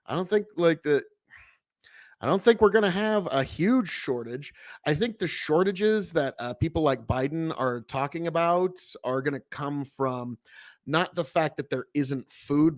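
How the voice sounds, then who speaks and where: Male host from Nebraska, slightly high voice, dry booth sound; casual, blunt, swears freely. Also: darkish tone, no room sound. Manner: blunt, heavy swearing, rambling asides. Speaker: podcast host. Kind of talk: casual commentary.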